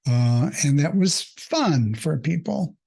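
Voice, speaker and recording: Slow, earnest man telling a story. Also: a little high, animated, gravelly, warm tone, breathy edge. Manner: reflective, halting, with many fillers; earnest and openly emotional. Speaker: mindfulness coach. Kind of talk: personal storytelling monologue.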